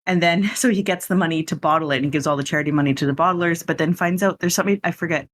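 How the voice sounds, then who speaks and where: A man's voice: on the high side, very fast, fairly bright tone, a little hiss or hum. A man hosting a podcast, casually recapping a film in a chatty, rambling way with lots of asides. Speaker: podcast host.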